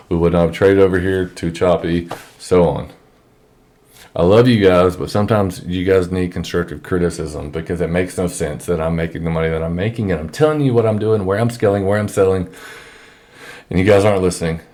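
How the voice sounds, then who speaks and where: A man with a low voice lectures on trading in a blunt, exasperated way, swearing freely. He speaks into a microphone from his office. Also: a little mellow. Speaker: trading educator. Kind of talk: screen-share trading lesson.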